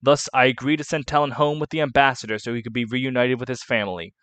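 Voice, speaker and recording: A man voicing a kindly noble knight who mentors a young man, read in a measured, earnest way. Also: mid-range voice, steady tone, a bit bright, dry recording, natural voice.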